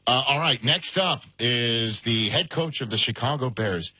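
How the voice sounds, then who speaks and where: A man's voice: mid-range voice, pushed and bright, breathy edge. Upbeat man hosting a sports talk show. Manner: upbeat, interviewer leading segments with quick quips. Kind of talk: casual chat.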